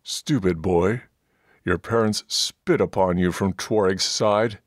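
A man voicing a gruff, bullying male dwarf priest in an audiobook, scornful and pompous. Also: deep voice, takes it slowly, dry recording, clean studio sound.

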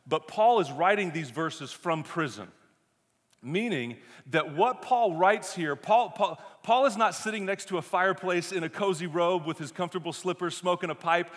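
A man's voice: mid-range voice, a bit bright, long reverb tail. A man preaching a sermon as pastor, conversational and emphatic, with self-deprecating humor.

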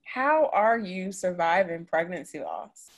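A woman's voice: fairly low pitch, big pitch swings, a little slow. Supportive woman interview host. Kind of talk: conversational interview.

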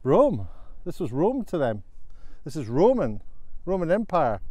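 A man's voice: fairly high pitch, huge pitch swings, unhurried, dark tone, no room sound. A man talking casually to camera on an outdoor walk, thinking things through aloud as he goes. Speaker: vlogger. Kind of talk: casual walking vlog.

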